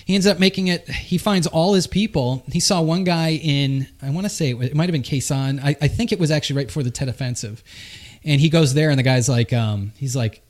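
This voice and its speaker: Boston-accented male host, slightly high voice, loose profane storyteller with a lot of restarts. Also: a little fast, darkish tone. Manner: rambling, profane, frequent restarts. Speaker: podcast host. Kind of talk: casual storytelling chat.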